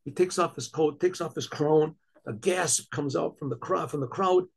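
Gravelly rabbi telling a dramatic story. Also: male voice, a little high, moderate pace. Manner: animated, with many restarts and throat-clearing.

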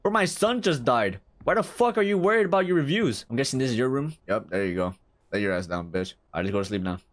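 A man's voice: medium pitch, animated, fast. Profane young man reacting to a horror game. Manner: profane, reactive, reads game text aloud. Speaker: gaming streamer.

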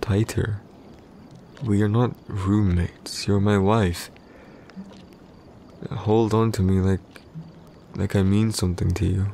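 A low-voiced, jealous warrior husband in a whispered role-play, played by a man. He talks curtly and possessively, close to the ear. A faint hiss of noise sits behind the voice. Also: fairly even intonation, slow, gravelly, long pauses, dark tone. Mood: grudging. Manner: curt, irritated, possessive, speaks low and close. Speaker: voice actor in a boyfriend roleplay.

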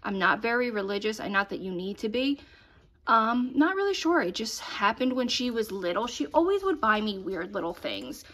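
A woman talks into a handheld phone camera as she walks through her home. Her delivery is chatty and warm-hearted, loose and unscripted, and it is sprinkled with fillers. Her pitch sits in an ordinary middle range. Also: animated, fairly quick, few pauses. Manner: chatty, affectionate, lots of fillers. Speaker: vlogger. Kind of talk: casual home decor tour vlog.

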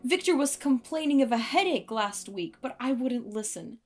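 A woman's voice: mid-range voice, expressive, moderate pace, lightly acted. A woman voicing a passionate, emotional young male composer in a storybook reading, with piano behind her. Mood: anguished. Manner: intense, emotional outbursts.

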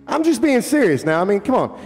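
A man's voice: very high voice, darkish tone. Joking man on a concert stage. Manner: joking, casual, swears. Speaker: singer-songwriter. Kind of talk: casual stage banter. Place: live concert venue. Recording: live hall reverb with faint guitar.

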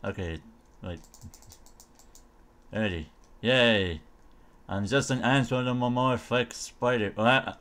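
A man's voice: mid-range voice, slow, long pauses, fairly bright tone. A man casually commenting on a game mod as he tries it, thinking aloud and mumbling silly noises. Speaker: gamer showcasing a mod.

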